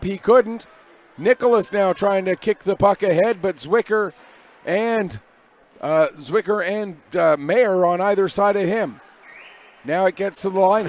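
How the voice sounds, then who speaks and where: A man with a high voice calls hockey play-by-play at a quick, energetic clip, and his calls rise on big plays. Faint arena noise sits behind him. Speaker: play-by-play commentator. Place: arena broadcast position above the ice.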